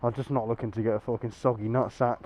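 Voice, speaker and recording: Croaky young British biker, sweary chat. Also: male voice, medium pitch, little pitch movement, quick pace. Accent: British English. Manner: chatty, sweary, self-mocking. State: slightly croaky from illness. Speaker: motovlogger. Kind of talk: casual riding vlog. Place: outdoors on a motorbike in town traffic. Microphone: lapel mic under a helmet. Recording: muffled lo-fi with traffic noise.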